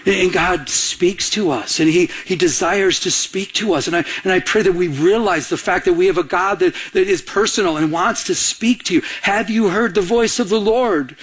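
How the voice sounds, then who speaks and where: A middle-aged male pastor with a high voice, delivering a lively sermon full of personal stories. He talks in an animated way, doubling back and repeating words as he goes. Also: normal speed, hardly any pauses, husky.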